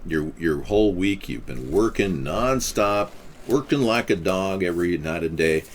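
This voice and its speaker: A man hosting a casual livestream chat, musing in a deadpan, mock-guru manner. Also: low-pitched, unhurried, slight background noise. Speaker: livestream host.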